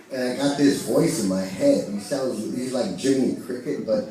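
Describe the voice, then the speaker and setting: A man's voice: mid-range voice, takes it slowly, pauses often. Brash man doing stand-up, echoey club. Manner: brash, profane, laughing at his own jokes. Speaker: stand-up comedian. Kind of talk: stand-up routine. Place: comedy club stage. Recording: echoey club from a distance, noisy crowd.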